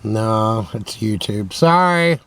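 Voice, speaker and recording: A man's voice: fairly low pitch, expressive, slow pace, a bit bright, smooth. A man hosting a mock radio show from inside his van at night, talking casually and rambling with jokes to himself. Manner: rambling, joking, talks to himself. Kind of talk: casual late-night monologue. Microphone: camera on a tripod.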